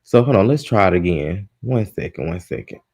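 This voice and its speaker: A man's voice: deep voice, expressive, fairly quick, a little mellow, slightly rough. Profane, exasperated male live-stream host. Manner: exasperated, profane, talking to his listeners. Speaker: host of a live gossip show. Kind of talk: casual live-stream chat.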